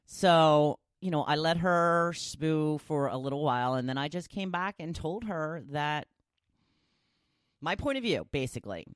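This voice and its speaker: A middle-aged woman hosting her own podcast, talking casually and chattily, with big leaps up in pitch. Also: animated, a little slow, clear, resonant tone, dry recording, studio quality. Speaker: podcast host. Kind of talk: casual solo podcast talk.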